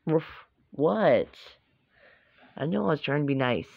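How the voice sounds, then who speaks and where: A woman growling as a gloomy gravelly pet dog. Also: sits low, lively intonation, a little slow, lo-fi sound, pitched below the performer's own voice, heavily acted. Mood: grumbly.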